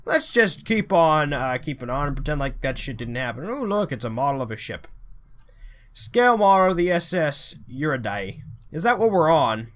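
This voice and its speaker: A man giving let's play commentary, excitable, swearing a lot and thinking aloud as he plays. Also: on the high side, normal speed. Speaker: gamer.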